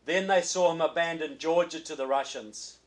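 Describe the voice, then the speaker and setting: A man's voice: on the high side, moderate pace, low-quality recording. A man with a New Zealand accent, a guest speaker giving a political speech at a reception, folksy with joking asides and repeated words as he starts phrases.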